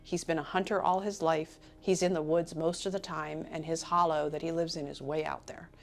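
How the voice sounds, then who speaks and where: A woman's voice: low voice, normal speed. A woman casually retelling someone else's encounter story in an interview, voicing his quoted words as she goes. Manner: animated retelling, voices others' quoted words. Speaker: interviewee retelling a witness account.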